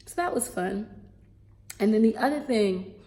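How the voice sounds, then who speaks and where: A young woman with a Baltimore accent, telling stories from her teaching job in a lively, sassy, casual vlog. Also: mid-range voice, a little slow. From Baltimore, USA. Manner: animated, sassy, drops into dialect with asides like "baby" and "honey". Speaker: teacher vlogger.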